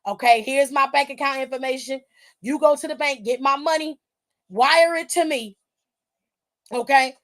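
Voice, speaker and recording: A woman voicing a scared man on the run who phones his kids with hurried, paranoid, bossy instructions. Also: high voice, fairly bright tone.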